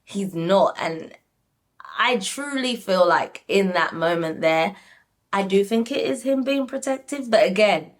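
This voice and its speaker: A young woman casually reviewing a reality show, animated and talking straight to her viewers with lots of "like". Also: medium pitch, measured pace. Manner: animated, frequent "like", addresses viewers. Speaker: reality TV recap YouTuber.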